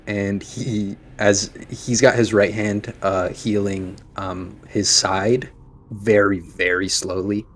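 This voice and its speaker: Guy running a tabletop game, slow and kinda low, lots of ums. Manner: hesitant, with many fillers. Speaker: game master.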